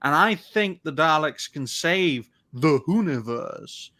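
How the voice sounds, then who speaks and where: Male stream host, bright tense voice, opinionated, ranting. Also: fairly high pitch, expressive. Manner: opinionated, ranting, quick bursts. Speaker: host of a fan live stream. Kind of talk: casual live-stream commentary.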